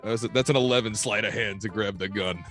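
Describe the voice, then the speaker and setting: Male player, bright forceful voice, eager. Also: lowish voice, quick pace, soft background music. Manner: eager, laughing. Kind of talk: casual tabletop chat.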